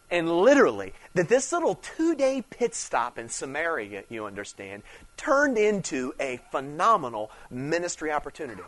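A male preacher with a fairly high voice delivers a sermon in a conversational way. He swings between quiet asides and louder, pressing emphasis. He repeats and restarts phrases as he builds his point. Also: huge pitch swings, normal speed. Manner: conversational preaching, rising and falling in intensity, frequent "you understand". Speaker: traveling preacher.

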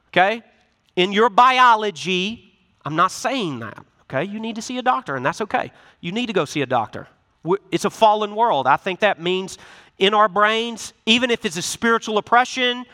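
Animated high-voiced male pastor preaching. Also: big-room sound. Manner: animated, conversational preaching with acted-out asides. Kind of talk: sermon.

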